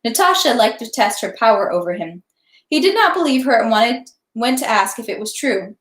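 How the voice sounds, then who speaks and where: A woman reading a classic novel aloud at a steady pace, now and then stumbling and correcting herself. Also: a little high, normal speed. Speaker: audiobook reader. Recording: echoey room.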